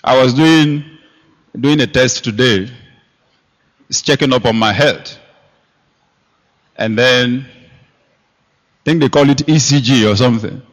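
A man preaching a sermon, emphatic, with sharp rises and quiet drops. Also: medium pitch, slow, long pauses. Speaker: pastor. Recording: long hall reverb.

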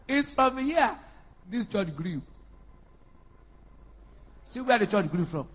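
A man preaching a sermon, calling out to the congregation and rising to loud, emphatic bursts. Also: high-pitched. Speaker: pastor.

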